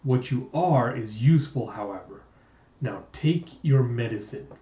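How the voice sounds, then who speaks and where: A sinister old doctor, calm and cruel, savoring every slow word, as a man reads him aloud from a comic. His sentences sink low and soft at the ends, heard from a distance in a roomy space with a dull, lo-fi tone. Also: close to an everyday voice. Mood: menacing. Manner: slow, drawn-out menace, name-endings dropped low and soft.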